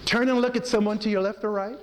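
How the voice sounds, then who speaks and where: Man, chaplain leading a workshop; high, unhurried delivery; echoey hotel hall. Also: fairly even intonation, background noise. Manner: coaching an audience through breathing, demonstrates laughter. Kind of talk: interactive workshop talk. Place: hotel event room. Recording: long hall reverb, faint ambience.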